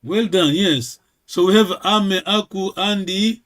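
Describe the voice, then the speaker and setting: A man teaching a language class in a halting way, repeating words and checking in with "yes?" again and again. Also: sits high, fairly bright tone.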